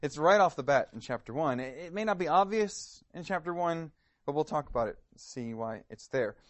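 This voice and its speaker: A man's voice: fairly high pitch, animated, moderate pace, no room sound. Earnest male preacher, dry sound. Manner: earnest, searching questions, some stammered repeats. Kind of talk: sermon.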